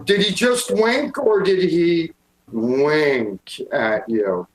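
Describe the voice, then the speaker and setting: Deadpan man, dispatcher role, fairly high voice, echoey room, improv comedy. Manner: wry, deadpan and quick to take other lines. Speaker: improv host playing a dispatcher. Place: video call from home.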